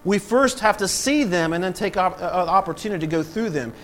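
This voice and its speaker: A man's voice: high voice, lively intonation, a little fast, a little hiss or hum, low-quality recording. A man preaching a sermon as pastor, acting out voices and swelling in volume for emphasis.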